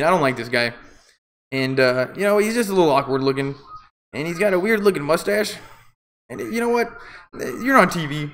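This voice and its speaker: A man's voice: a little high, a bit bright. Rambling, opinionated amateur sports commentator man. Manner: rambling, opinionated, jokey asides. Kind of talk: casual live play-by-play commentary.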